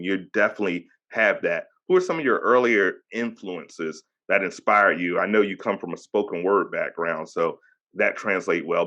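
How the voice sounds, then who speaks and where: A man in his thirties hosts a casual podcast and talks with a low, grounded voice. He has a Hampton Roads Virginia accent and keeps things upbeat and chatty, hyping up his guest. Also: bright, forceful tone, muffled recording. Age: 30s. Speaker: podcast host.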